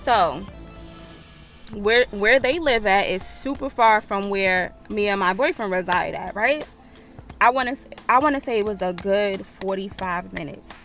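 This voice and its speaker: A woman's voice: medium pitch, a little slow, a bit bright, soft background music. A woman vlogger, telling a storytime with profanity and acted-out quotes. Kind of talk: storytime vlog.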